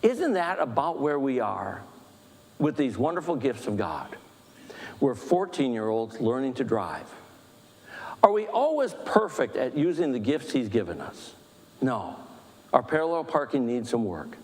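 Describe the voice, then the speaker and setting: A man leading a church book discussion, talking fast with animated, self-deprecating humor. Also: mid-range voice, in a large hall. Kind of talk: church teaching talk. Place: church hall.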